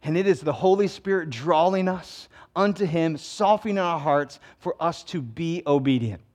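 A man's voice: a little high, lively intonation, normal speed, darkish tone. A man preaching a sermon in a conversational, emphatic way, full of rhetorical questions. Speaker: pastor.

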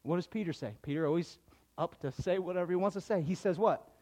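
A male pastor preaching a sermon to a congregation, animated, acting out the people in his stories with big swings in his voice. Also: high voice, fast talker. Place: church hall before a congregation.

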